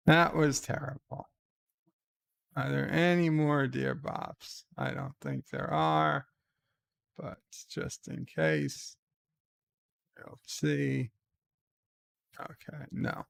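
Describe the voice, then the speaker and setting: A man's voice: mid-range voice, vocal fry, a bit bright, dry recording. A middle-aged man hosting a livestream, reading viewer letters and chatting in a wry, rambling way that stammers on restarts. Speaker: livestream host. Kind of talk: casual stream chat, reading viewer letters.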